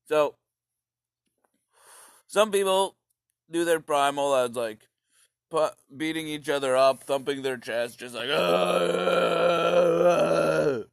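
A man talks to the camera in a slow, rambling, crude comic monologue, drifting off into caveman grunts. His voice sits in an ordinary middle register. The sound is close and dry, with no room around it. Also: medium pitch, fairly bright tone, smooth, no room sound.

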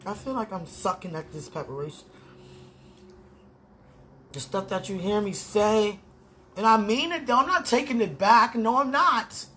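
A podcast host speaking aloud to God and a loved one in an emotional, pleading personal monologue, drifting from soft murmurs to loud declarations. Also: mid-range voice, moderate pace, long pauses, a little hiss or hum.

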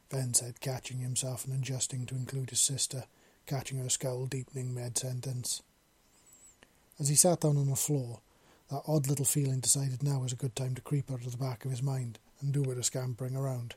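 A man narrating a story in a measured, unhurried reading. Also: mid-range voice, level tone, mellow, slightly rough, no room sound.

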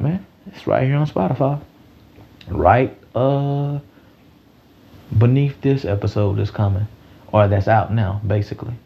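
A man's voice: fairly low pitch, creaky, slightly rough, muffled recording. A man hosting a solo sports podcast, talking loosely and rambling, with lots of slang and swearing.

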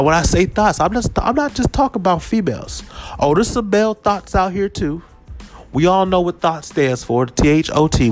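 A man hosting a podcast, ranting in a casual, comedic way, swinging his voice up and down. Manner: animated, swings pitch and volume, drops to a low put-on voice at times. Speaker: podcast host.

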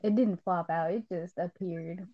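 A teenage girl casually chatting as she reviews a film, lively and full of retellings. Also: unhurried, no echo, muffled recording. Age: teens. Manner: animated, acts out scenes in squeaky voices. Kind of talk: casual chat.

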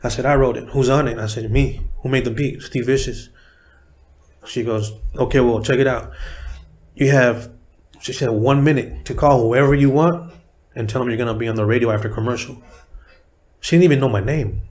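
Middle-aged man, from San Diego, rapper guest, profane animated storyteller. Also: mid-range voice, moderate pace, long pauses. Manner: profane, animated retelling with quoted voices. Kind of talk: casual storytelling interview.

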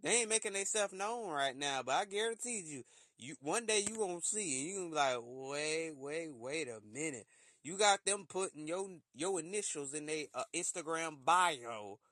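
A man talking in a casual solo rant, animated and slipping into shrill put-on voices for quotes. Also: normal speed, no echo. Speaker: podcast host.

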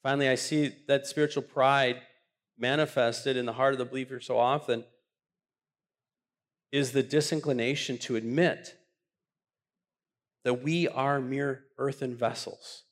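A man's voice: medium pitch, fairly even intonation, measured pace, pauses often. A man preaching a sermon with passion, often repeating words as he builds up a point. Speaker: pastor.

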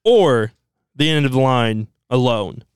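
A man's voice: mid-range voice, lively intonation, unhurried, clean tone, dry recording, clean studio sound, pitched below the performer's own voice, natural voice. A man voicing a defiant, mocking young wrestler giving a ring speech. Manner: mocking, confident.

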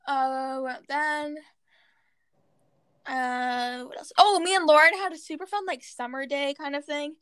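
High-voiced rambling woman. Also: unhurried, fairly bright tone, no room sound. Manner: rambling, searching for words with many "um"s. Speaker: podcast co-host. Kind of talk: casual chat.

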